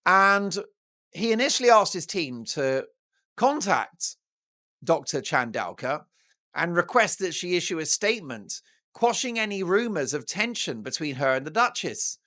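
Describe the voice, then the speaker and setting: British male talk host, mocking and theatrical, lively swings in pitch, bright voice. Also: a little slow. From Britain. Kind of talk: opinionated news commentary.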